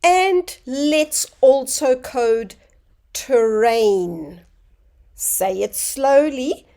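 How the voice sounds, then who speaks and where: A woman teaching a phonics lesson to young children, sounding out words slowly and clearly. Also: sits high, lively intonation, mellow.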